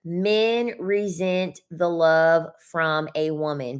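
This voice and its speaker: A woman's voice: on the low side, a little slow, fairly bright tone. A young adult woman hosting a casual livestream, talking bluntly with swearing and repeating her points for emphasis. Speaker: livestream host reading chat.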